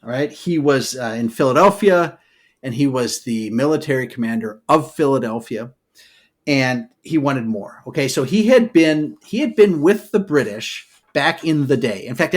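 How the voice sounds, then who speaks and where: A man co-hosting a podcast, telling history as a loose, animated story, full of "okay" and "all right" asides. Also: mid-range voice, a little fast, husky. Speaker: podcast co-host. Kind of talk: casual storytelling chat.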